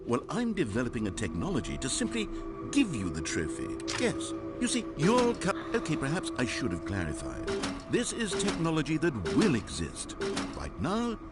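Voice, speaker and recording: A man's voice: medium pitch, wildly swooping pitch, normal speed, loud music behind the voice. A man voicing a wry adult male video game narrator who talks in a dry, mock-sincere, teasing way.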